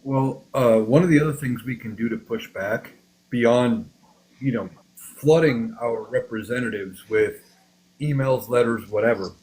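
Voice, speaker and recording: A man's voice: mid-range voice, a little slow, a little mellow, low-quality recording. Earnest man urging on a podcast panel. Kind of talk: casual live podcast talk.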